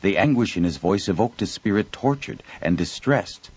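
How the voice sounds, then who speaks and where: A man narrating an audiobook in an expressive storytelling reading. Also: fairly low pitch, moderate pace, breathy edge, dull audio. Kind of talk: scripted narration.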